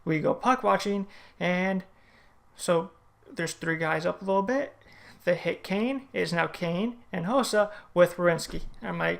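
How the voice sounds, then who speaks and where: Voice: medium pitch, a little slow, gravelly, a bit bright. A hockey fan casually recapping a game in a vlog, retelling the plays one by one with strong opinions. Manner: play-by-play retelling, opinionated and chatty.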